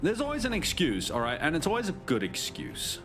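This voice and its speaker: A man's voice: a little high, huge pitch swings, brisk, over music. A man live-streaming, chatting casually and jokingly with his chat, with many restarts.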